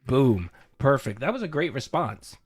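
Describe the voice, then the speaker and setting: A man giving casual, animated commentary while reacting to a recorded debate, laughing and swearing. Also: medium pitch, normal speed, husky. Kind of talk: casual commentary over a clip.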